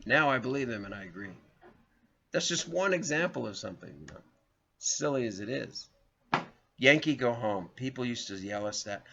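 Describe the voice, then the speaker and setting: A man's voice: medium pitch, lively intonation, brisk, vocal fry, noisy background. A man hosting his own vlog, telling rambling personal stories and talking straight to viewers as folks. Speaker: vlogger, show host. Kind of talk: casual storytelling monologue. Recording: slightly dull lo-fi audio.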